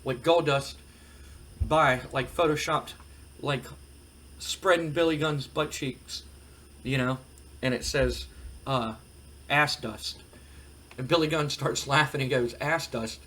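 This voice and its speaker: A man's voice: medium pitch, steady tone, a little slow, long pauses, a bit bright. A man hosting a let's-play, casually recapping what happens and slipping into quoted dialogue as he retells it. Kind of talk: casual game commentary.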